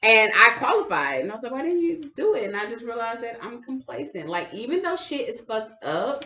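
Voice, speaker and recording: A woman's voice: on the high side, sing-song, brisk, pushed and bright. A woman co-hosting a podcast in casual chat, telling a candid, profane story about her own life. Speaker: podcast co-host. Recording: echoey room.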